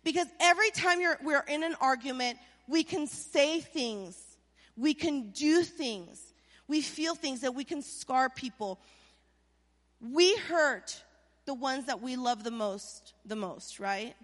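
Woman preacher, high voice, animated and playful, sermon, long hall reverb. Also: takes it slowly. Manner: animated, playful, addresses the crowd directly.

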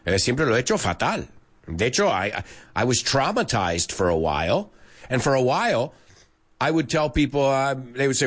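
A chatty man from the United States teaches English in a relaxed lesson. His intonation rises and falls a lot, he laughs often, and he drops into Spanish now and then. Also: medium pitch, normal speed. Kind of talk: casual online lesson.

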